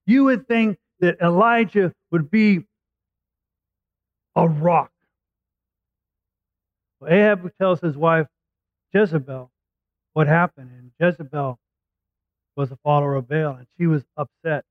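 A man preaching, his voice sitting a little high. He retells a scripture story conversationally and acts out the quotes. The sound is tinny, like a phone line, and dry. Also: slow, pauses often, no echo. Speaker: pastor. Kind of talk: sermon storytelling.

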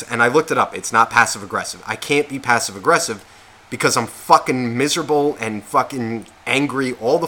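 A man with a bright, forward voice at an ordinary pitch rambles through a casual podcast chat. He swears constantly, restarts his sentences and questions himself out loud. When worked up, he turns loud and heated. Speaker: podcast co-host.

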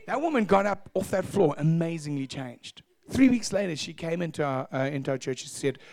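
A man preaching a sermon as pastor, telling stories in an animated way and acting out voices. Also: a little high, fairly quick, hardly any pauses, slight background noise. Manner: animated, acts out voices, laughs at own stories. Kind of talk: sermon storytelling.

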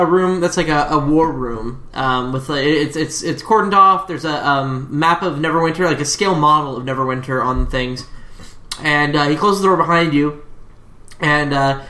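A game master narrating a tabletop game, loose and rambling, full of fillers. The voice is bright. The recording has a roomy echo. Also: medium pitch.

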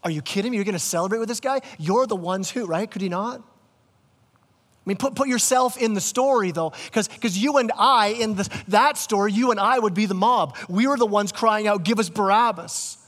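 A man's voice: sits high, a little fast, a bit bright, big-room sound. A man preaching a sermon as pastor, casual and conversational, often restarting his words. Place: church sanctuary.

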